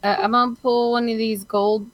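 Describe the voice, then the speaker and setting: A woman's voice: a little high, little pitch movement, normal speed, no room sound. A woman playing a tabletop game, chatty and playful as she describes her actions. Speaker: player. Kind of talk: casual tabletop role-play.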